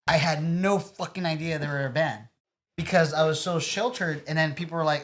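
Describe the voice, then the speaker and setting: A man's voice: fairly high pitch, fairly quick, slight background noise. A man co-hosting a podcast, telling childhood stories in a casual, joking way with plenty of swearing. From Southern California. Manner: animated storyteller, swears and jokes. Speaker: podcast co-host. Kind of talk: casual chat.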